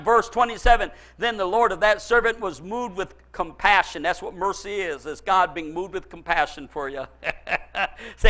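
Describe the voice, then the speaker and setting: Preaching at a moderate pace, this male pastor gives an impassioned sermon that shifts from quiet asides to shouted pleas, with chuckles scattered between lines.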